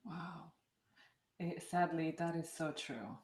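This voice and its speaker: A woman's voice: deep voice, slow, a little mellow. A woman hosting a podcast in casual conversation, laughing often and giving short agreeing replies. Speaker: podcast host. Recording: echoey room with faint noise.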